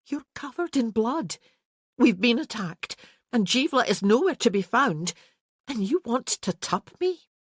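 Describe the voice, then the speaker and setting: A woman reading an audiobook puts on a fierce young Highland woman, her voice pushed high, urgent and emphatic, quick to scold. The read is close and dry, with no room sound. She stays stubborn and sharp-tongued throughout. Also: sing-song, husky, no echo, heavily acted. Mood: indignant. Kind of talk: audiobook character voicing.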